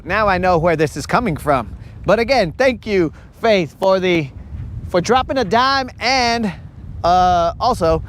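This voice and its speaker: Playful male live-stream host outdoors; high, unhurried delivery. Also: slight background noise. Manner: playful, teasing, drawn-out. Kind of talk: casual live-stream chat. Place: outdoors on a lake.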